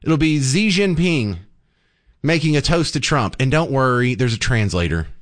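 A man hosting a talk radio show, speaking casually in a joking, animated way with frequent restarts, into a studio microphone. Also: mid-range voice, normal speed. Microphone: studio broadcast mic.

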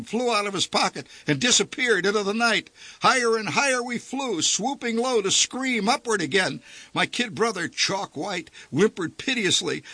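A man narrating a story in a vivid, animated storytelling manner. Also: fairly high pitch, husky, dry recording.

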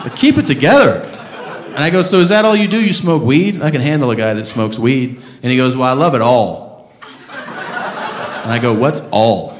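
A male stand-up comedian tells a long story on stage, loud and profane, with sudden shouted rants. The sound is roomy, with clear noise from the live club audience behind him. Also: medium pitch, lively intonation, normal speed, pauses often. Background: audience laughter.

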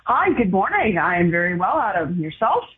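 A woman chats casually on a golf radio talk show, telling her story with easy good humor. Her voice is a little husky. It comes through a tinny, narrow phone line. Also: lowish voice, big pitch swings, moderate pace. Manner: chatty storyteller. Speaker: golf guest commentator.

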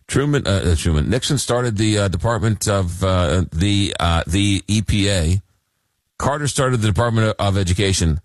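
A man with a low voice hosts a late-night call-in radio show. He reads listener notes and answers callers in a halting, filler-heavy way. The sound is dry and close to the mic. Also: no echo. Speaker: radio talk show host.

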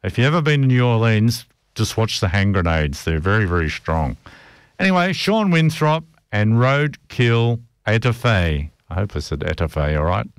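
A man's voice: fairly low pitch, sing-song, moderate pace, clear, resonant tone, dry recording. Chatty rambling male radio DJ, dry sound. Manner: chatty, rambling, jokey grumbling. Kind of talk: casual radio chat between tracks.

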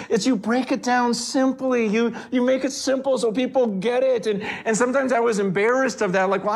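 A man preaching a sermon in a conversational, animated way, acting out quoted voices. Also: high voice.

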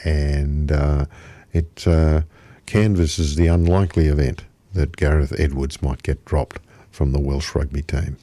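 A male radio host with a very low voice chats through his show in an unhurried, meandering way. His tone is warm and mellow. The studio sound is dry and close. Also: flat delivery, no room sound. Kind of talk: casual radio chat.

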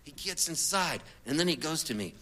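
Animated, bright-voiced male storyteller. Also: fairly high pitch, moderate pace. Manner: animated, rambling, conversational. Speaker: singer-songwriter telling a story. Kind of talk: comic storytelling to an audience.

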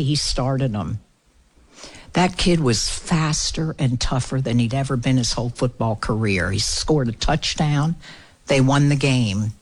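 A woman's voice: very deep voice, a little slow. A woman speaker from the United States, telling an earnest story on a public affairs talk program and acting out the quoted dialogue. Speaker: guest speaker.

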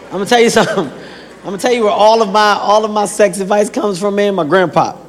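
A male stand-up comedian telling stories in a loud, playful and profane way on a club stage. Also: sits high, steady tone, fast talker. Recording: live comedy club, crowd and noise, reverb.

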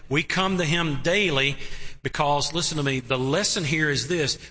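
Male pastor, bright and forceful, emphatic sermon delivery with drawn-out pauses, heard in an echoing hall. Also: fairly high pitch. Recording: long reverb of a large hall.

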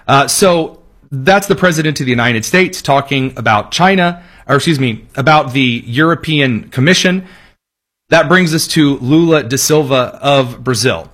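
A man's voice: mid-range voice, normal speed, fairly bright tone. A man delivering solo political commentary in an emphatic tone, with sarcastic asides. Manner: emphatic, sarcastic asides, mock pleading voices for quotes.

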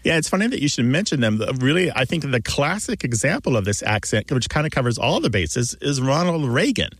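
A man's voice: medium pitch, very animated, brisk, fairly bright tone, dry recording. Chatty man explaining on radio. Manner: chatty, explanatory, laughs easily. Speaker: radio show co-host. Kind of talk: explaining on a call-in radio show.

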